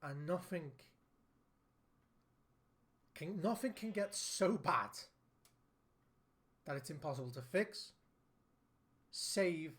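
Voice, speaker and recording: A man's voice: a little high, animated, takes it slowly, long pauses, fairly bright tone. A man, a father and gaming video host, speaking earnestly and heartfelt to the camera, repeating his points for emphasis. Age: adult, father of a young son.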